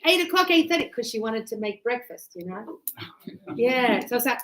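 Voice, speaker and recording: A fairly high, animated and slightly bright female voice at normal speed, captured in a rough recording. She is teaching an English grammar class in Sydney, chatting loosely, repeating words and sharing personal anecdotes.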